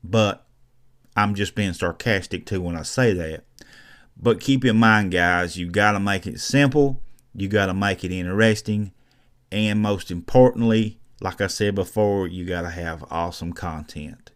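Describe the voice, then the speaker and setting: Low smooth guy doing a chill tutorial, lots of "you know"s, talks like he's just chatting. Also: a little slow. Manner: conversational, loose, with "you know" fillers and restarts. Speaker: YouTube marketing instructor. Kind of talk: casual screen-recorded tutorial.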